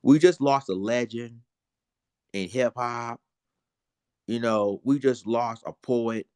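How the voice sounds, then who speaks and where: Male vlogger, mid-pitched voice, dry close sound, indignant and repetitive, calls his viewers y'all. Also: slow pace, darkish tone, clean tone, dry recording. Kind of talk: emotional casual commentary.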